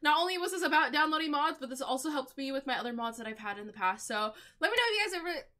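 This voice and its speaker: Bright excitable young woman gamer. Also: sits high, rapid-fire. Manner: excitable, chatty, gasps and laughs often. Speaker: gaming channel host. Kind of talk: casual gameplay commentary.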